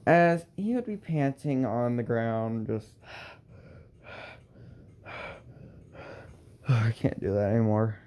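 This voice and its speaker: Slow, halting young man telling a story. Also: mid-range voice, dark tone, clean tone. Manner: halting, many restarts and fillers, sighs. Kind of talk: improvised fan story narration.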